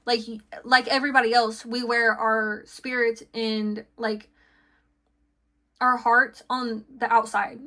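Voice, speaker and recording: A tarot reader gives a casual reading in a fairly high, pushed and bright voice with a flat delivery and slow pace. She rambles chattily, using lots of fillers and restarts, and laughs between thoughts.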